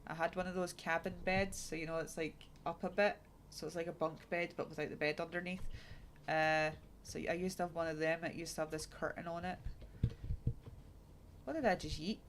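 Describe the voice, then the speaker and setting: A woman's voice: low voice, little pitch movement, fairly quick. A woman in her thirties streaming a game, chatting casually and frankly with lots of fillers. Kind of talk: casual chat while gaming. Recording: noisy, keyboard clicks behind.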